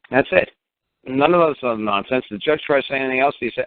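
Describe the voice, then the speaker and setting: A man on a phone call telling a long story in an animated, rambling way, acting out the other people in it. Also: medium pitch, fast talker, vocal fry, no echo. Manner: rambling, mimics others' voices, emphatic. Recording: tinny phone line, dry.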